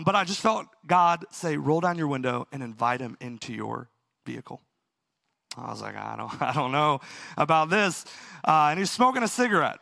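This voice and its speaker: A man's voice: high-pitched, pushed and bright, no room sound, studio quality. A man preaching a sermon and telling a personal story in an earnest, self-mocking way. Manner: storytelling, earnest, laughs at himself. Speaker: pastor.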